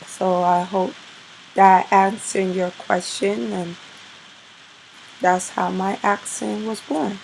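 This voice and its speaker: A woman's voice: mid-range voice, little pitch movement, slow, vocal fry, pauses often, darkish tone, slight background noise, poor audio. A woman vlogger from Brooklyn with a mixed New York, Caribbean, British and Canadian accent, chatting casually to camera in a rambling way with many fillers. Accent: mix of New York, Caribbean, British and Canadian.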